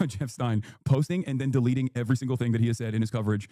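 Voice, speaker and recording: A man's voice: mid-range voice, steady tone, rapid-fire, dark tone, dry recording, clean studio sound. A man livestreaming, ranting heatedly with lots of swearing about the news he reads. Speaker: streamer.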